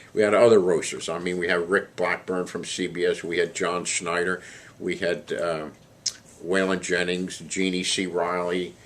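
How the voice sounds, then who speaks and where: Deep-voiced man for an anecdotal storyteller who laughs at his own jokes, over a faint background hum. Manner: animated joke-telling, chuckling as he goes. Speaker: storyteller recalling a celebrity roast.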